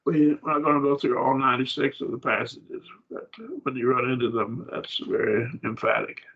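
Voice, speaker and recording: Gravelly, husky man teaching a Bible class. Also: medium pitch, little pitch movement. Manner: halting, repeats words, uses fillers and "see?". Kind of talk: informal classroom lecture. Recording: dull lo-fi classroom recording.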